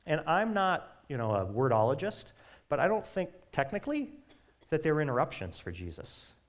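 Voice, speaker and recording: In a relaxed, conversational sermon, a male pastor whose voice sits slightly high for a man lets his pitch rise and fall freely. He tosses quick asides to the congregation as he preaches.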